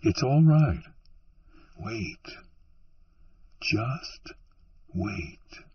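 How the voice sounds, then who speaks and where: A man voicing a sardonic, mysterious stranger dressed in black who talks low and softly. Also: big pitch swings, a little slow, breathy edge, far from the mic, full character voice. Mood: soothing. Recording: muffled, dry, from off-mic.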